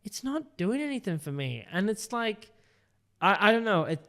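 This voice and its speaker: A man's voice: sits high, big pitch swings, normal speed, a bit bright. A young man co-hosting a casual TV review chat, rambling with many fillers and sounding frustrated. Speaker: podcast co-host reviewing a TV episode.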